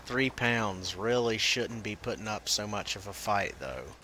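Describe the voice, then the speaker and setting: A man's voice: lowish voice, lively intonation, a little slow, crowd noise. A man joking sarcastically and cussing while playing a game online with a friend. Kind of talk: casual gaming chat.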